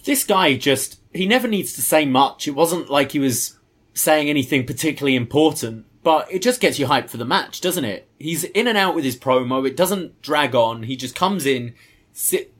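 A man's voice: fairly high pitch, lively intonation, normal speed, fairly bright tone. A man co-hosting a podcast, sharing thoughtful opinions on wrestling in casual chat with frequent fillers. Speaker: podcast co-host.

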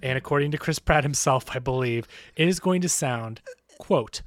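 Guy on a podcast mic, dry close sound, rambly and laughing a lot, mid pitch. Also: moderate pace, dry recording. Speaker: podcast co-host. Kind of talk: casual chat.

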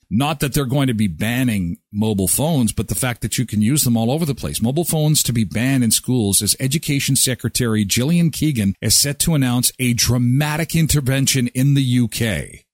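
A man's voice: mid-range voice, dry recording. A man hosting a daily morning show, chatting casually and telling jokey stories. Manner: chatty, jokey, animated storytelling. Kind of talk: casual radio show chat.

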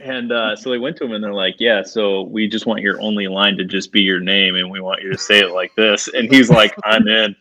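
A man's voice: lowish voice, fairly even intonation, brisk, few pauses, pushed and bright, no room sound, low-quality recording. A man telling stories in a laid-back way as a guest on a casual podcast. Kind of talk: casual chat.

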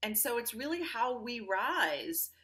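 A woman guest on an interview podcast, telling personal stories in an upbeat, animated way and acting out the voices of people she quotes. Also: on the high side, a little slow. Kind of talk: conversational interview storytelling.

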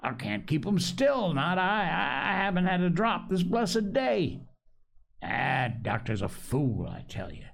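A sick, rum-hungry old sea dog, as a man puts him on for a storybook reading. The voice sits higher than the reader's own and grinds out rough sailor's slang. He begs and curses in the same breath. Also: big pitch swings, a little slow, fairly bright tone, exaggerated voice. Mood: pleading. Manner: coarse sailor's dialect, pleading and cursing. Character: ailing old male sea captain, rum-craving, blustering.

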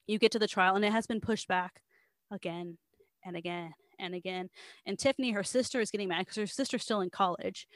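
A woman telling a story in casual chat, full of "like" and acted-out quotes from the people in it. Her voice sits at an ordinary pitch and sounds close and dry, with no room around it. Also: no room sound. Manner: animated storytelling, quoting others, frequent "like".

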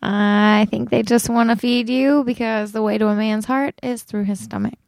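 Podcast guest, female, slightly high, gravelly, dry teasing delivery, close dry mic. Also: steady tone, normal speed, a little mellow, dry recording. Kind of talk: casual chat.

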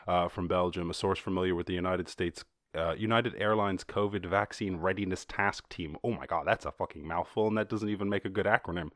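Recorded dry at studio quality, this man from Ireland speaks low and briskly as he hosts a podcast. He tears through the news with profanity, jokey tangents and mocking impressions.

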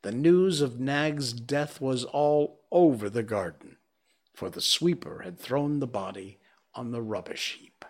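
A man reading a classic story aloud with slow, expressive storybook narration. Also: mid-range voice.

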